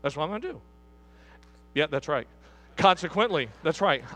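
A man's voice: on the high side, animated, normal speed, a bit bright. A middle-aged man, a pastor, preaching a sermon in a church hall, driving points home with repeated questions to the congregation.

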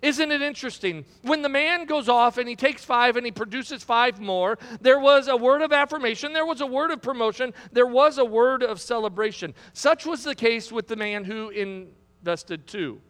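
A man's voice: very high voice, moderate pace, hardly any pauses, fairly bright tone, in a large hall. A middle-aged man preaching a sermon as pastor, building to emphatic, repetitive climaxes. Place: church sanctuary.

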